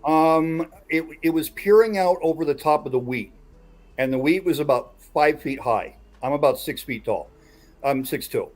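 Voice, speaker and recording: A man with a somewhat high voice hosts a casual podcast chat at a moderate pace. As he recounts a tale, he builds suspense.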